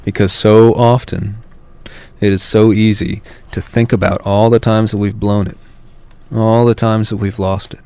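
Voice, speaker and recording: A man's voice: fairly low pitch, little pitch movement, unhurried, warm tone, clean tone. An American man, a parenting author, answering a radio interviewer in an earnest way that builds to emphatic peaks.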